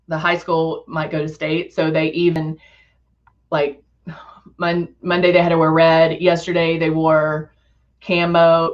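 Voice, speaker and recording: A woman's voice: on the low side, dull audio. A middle-aged woman hosting a live makeup demo, chatting casually, laughing often and reading viewer comments aloud. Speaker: live stream host.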